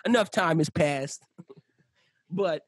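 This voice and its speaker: A young man telling animated, profane stories in casual podcast chat, laughing often. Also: high-pitched, drawn-out words, slightly rough, no echo, studio quality. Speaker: podcast guest.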